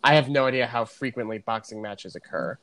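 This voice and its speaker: A man's voice: medium pitch, fairly quick, a bit bright, no echo. A man co-hosting a podcast, chatting casually and rambling with restarts. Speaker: podcast co-host. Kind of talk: casual chat.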